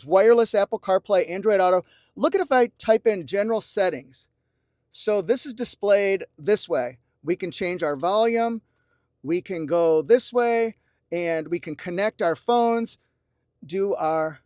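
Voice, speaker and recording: A man's high-sitting voice with a darkish tone carries an upbeat car walkaround across a dealership lot and the car's interior. He calls out features alongside playful asides and joking song quotes, recorded dry at studio quality.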